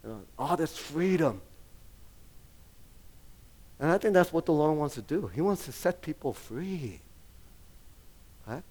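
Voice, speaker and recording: A man's voice: a little high, lively intonation, unhurried, pauses often, a little mellow, slightly rough. Rambling, laughing male pastor preaching. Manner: rambling, full of fillers and restarts; laughs often while preaching. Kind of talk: sermon.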